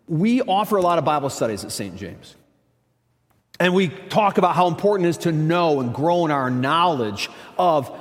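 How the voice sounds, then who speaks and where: A man's voice: mid-range voice, big-room sound. A man preaching a sermon as pastor, in a conversational, emphatic way with frequent asides. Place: church.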